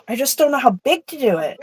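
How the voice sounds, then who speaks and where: A woman's voice: sits high, big pitch swings, moderate pace, slight background noise, rough recording. A woman co-hosting an art stream over a video call, chatting casually and emotionally as she paints, swearing now and then. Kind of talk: casual chat while painting.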